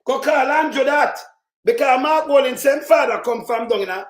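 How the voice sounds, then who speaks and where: A speaker with a Jamaican accent giving an angry, profane political rant that keeps breaking into shouts. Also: sits high, normal speed. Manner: profane, heated, shouts in bursts. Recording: roomy echo.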